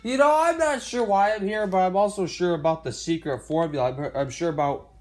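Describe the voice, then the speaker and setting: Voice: mid-range voice, fairly quick. A parody video maker giving a silly, rambling improvised voice-over, arguing back and forth with itself.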